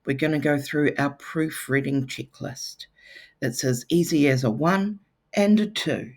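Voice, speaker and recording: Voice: mid-range voice, a little slow. A teacher gives a lesson to children, with playful, teasing asides.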